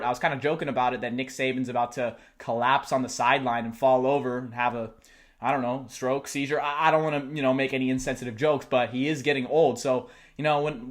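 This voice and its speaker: A young man vlogging about college football, talking live and out of breath, excited and rambling. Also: medium pitch. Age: young adult. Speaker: sports vlogger. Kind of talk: live unscripted vlog reaction. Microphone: close mic, camera and laptop.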